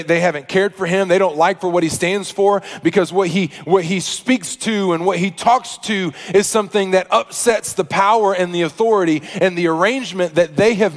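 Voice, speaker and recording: A man preaching a sermon, telling a story that moves between hushed asides and loud, emphatic preaching. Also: high-pitched, long reverb tail. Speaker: pastor.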